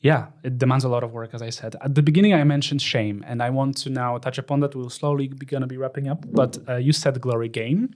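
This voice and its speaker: A man, hosting an English-language interview and thinking out loud as he asks questions. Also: mid-range voice, fairly even intonation, fast, hardly any pauses. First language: Polish. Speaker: interview host. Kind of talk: casual conversation.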